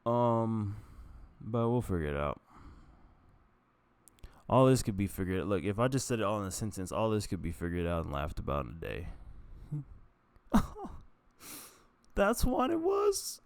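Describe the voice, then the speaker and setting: A young man talks to a camera in a wandering, unscripted way, restarting sentences and laughing at his own stories. His voice sits very low and has a gravelly fry to it. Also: animated, moderate pace, darkish tone, dry recording. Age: young adult. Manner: meandering, self-interrupting, laughs at own stories. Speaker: vlogger. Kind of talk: rambling casual monologue. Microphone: camera mic.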